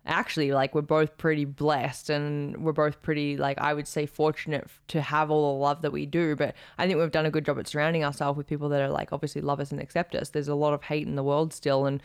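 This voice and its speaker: Low-voiced young woman co-host. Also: fast talker, few pauses, clean tone. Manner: relaxed and conversational, many "like" fillers. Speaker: podcast co-host. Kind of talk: casual chat.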